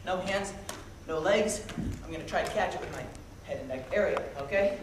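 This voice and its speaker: Performing a jokey, playful magic show at a camp, a man talks to the young audience and calls up volunteers. His voice sits high and runs a little fast, captured by a distant mic in an echoey hall full of loud crowd noise.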